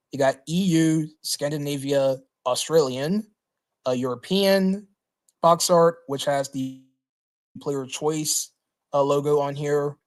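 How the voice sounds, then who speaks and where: Man hosting a halting livestream rundown. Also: mid-range voice. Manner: halting, many fillers and restarts. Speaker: livestream host.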